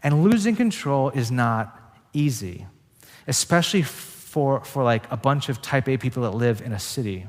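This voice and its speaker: A male pastor preaching in a loose, conversational way, dropping in "like" as he goes. His voice sits at an ordinary middle pitch and trails off into the long reverb of a church hall. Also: lively intonation, normal speed. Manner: casual, conversational preaching with frequent "like" fillers. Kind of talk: sermon.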